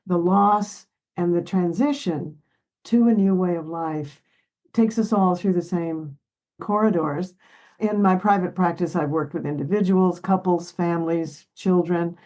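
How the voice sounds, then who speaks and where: A woman's voice: fairly low pitch, unhurried, darkish tone, poor audio. A woman in her seventies, a therapist, speaking earnestly and with feeling in an interview, sometimes choking up and laughing. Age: 70s. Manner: earnest, emotional, laughs while telling family stories. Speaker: therapist guest. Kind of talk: reflective interview talk.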